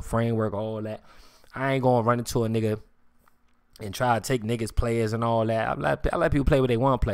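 A man's voice: medium pitch, a bit bright, no room sound, studio quality. A man ranting on a live stream in casual street slang, swearing often and repeating "you hear me". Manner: repetitive, keeps saying "you hear me", swears freely; slang-heavy street talk.

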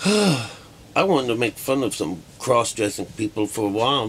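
Rambling, deep-voiced man, swearing freely. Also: sing-song, measured pace, fairly bright tone, slight background noise. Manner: rambling, profane, with many fillers. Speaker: vlogger and art teacher. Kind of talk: rambling casual monologue.

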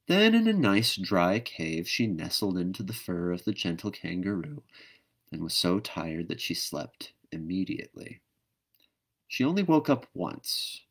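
Low-pitched male storyteller reading aloud, calm and measured. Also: husky. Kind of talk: children's book read-aloud. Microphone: webcam or phone mic on a live stream.

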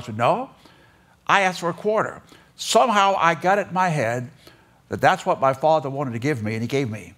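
An older man delivers a storytelling sermon to a chapel audience. His voice sits a little high for a man, and he tells homespun anecdotes, dipping into the voices of the people in them. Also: expressive, a little fast, fairly bright tone. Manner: folksy, anecdotal, acts out voices in stories. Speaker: preacher speaking in a seminary chapel. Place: auditorium.

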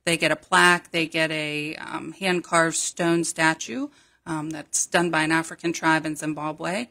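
A woman guest on a morning radio show, speaking for a hospital's nursing staff. Her voice is bright and forceful and sits slightly low. She explains things in a friendly, informative way and peppers her talk with ums. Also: steady tone, unhurried, gravelly. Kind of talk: radio interview.

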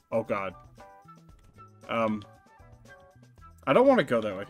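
A young man narrating a let's play, joking around and reacting loudly to the game. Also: on the low side, slow pace, long pauses, faint music behind. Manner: excitable, jokey, squeals when startled. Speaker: gaming YouTuber.

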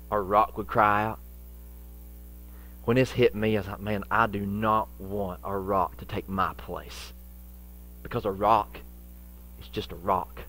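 A man preaching a sermon as pastor, with folksy phrasing, repeated phrases for emphasis, and dramatic swings between loud and hushed delivery. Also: lowish voice.

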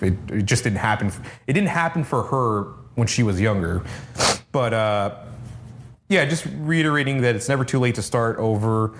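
A man co-hosting a casual review podcast, recapping episodes in a rambling way with fillers and swearing. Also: on the low side. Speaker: podcast co-host.

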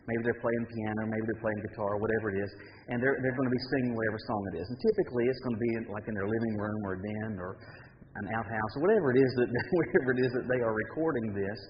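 A man's voice: mid-range voice, long reverb tail, lo-fi sound, slight background noise. A man preaching a sermon as pastor, telling humorous stories in a folksy way with many fillers and repeats. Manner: folksy, humorous storytelling with frequent fillers and repetition. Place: church sanctuary.

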